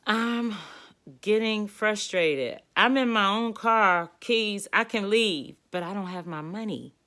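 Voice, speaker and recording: A woman from the Washington DC area telling a personal story in a casual, animated, exasperated way. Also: mid-range voice, slow pace.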